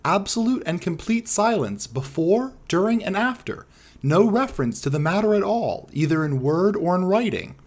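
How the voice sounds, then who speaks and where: A man's voice: sits high, expressive, normal speed. A man voicing a secretive German colonel. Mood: probing. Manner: insistent, secretive. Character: wary, secretive male colonel, about forty. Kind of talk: audiobook character reading.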